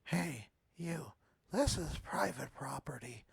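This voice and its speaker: A man's voice: on the high side, lively intonation, takes it slowly, gravelly, slightly rough, pitched above the performer's own voice, heavily acted. A man voicing a shy, anxious female pony author who stammers and uses fancy words, reading game dialogue aloud. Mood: skittish.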